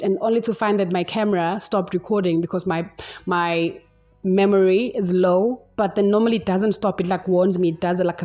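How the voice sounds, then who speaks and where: A woman's voice: mid-range voice, darkish tone. A young adult woman with a South African accent, hosting a solo podcast and talking unscripted in a rambling, chatty way. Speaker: podcast host. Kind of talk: casual solo podcast monologue.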